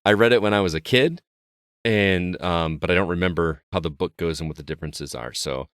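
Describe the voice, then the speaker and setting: A man's voice: low-pitched, a little fast, fairly bright tone, clean tone, no room sound, studio quality. A man co-hosting a podcast, telling a rambling story in casual chat with frequent restarts. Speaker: podcast co-host.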